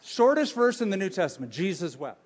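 A male pastor preaching a sermon, with animated, humorous storytelling and questions for his audience. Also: high-pitched, brisk.

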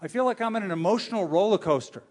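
Figure: a man quoting a confused woman caller. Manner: plaintive, torn up. Pitch: slightly high. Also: animated, fast talker, a little mellow.

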